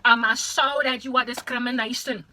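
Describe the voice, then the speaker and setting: A young South African woman vlogs in a South African accent, delivering an exaggerated, repetitive rant that slips into Afrikaans. Her voice is a little high, bright and forceful, with fairly even intonation and a moderate pace, and there is slight hiss or hum.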